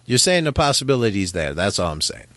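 A man's voice: fairly low pitch, fast, no echo. A man co-hosting a casual true crime podcast, joking and telling stories. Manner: joking, animated storyteller. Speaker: podcast co-host.

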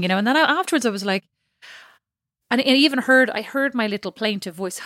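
A woman's voice: fairly high pitch, quick pace, a bit bright, no echo. Chatty woman with a dry close sound. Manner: chatty, laughs at own jokes. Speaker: podcast co-host. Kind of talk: casual chat.

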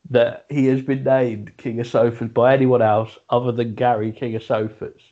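On dull, lo-fi podcast audio, a male co-host with a medium-pitched, dark voice talks at normal speed in a flat delivery. He jokes and laughs through casual chat, frequently stammering and restarting sentences.

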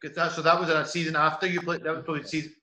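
A chatty, friendly man hosts a casual interview, his voice fairly high and bright. The room adds a noticeable echo around him. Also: little pitch movement, rapid-fire. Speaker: host.

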